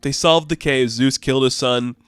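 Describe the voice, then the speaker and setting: A man's voice: medium pitch, fairly even intonation, moderate pace, fairly bright tone, clean tone, no echo, faint music behind. A man casually recapping a comic book issue, chatty and enthusiastic.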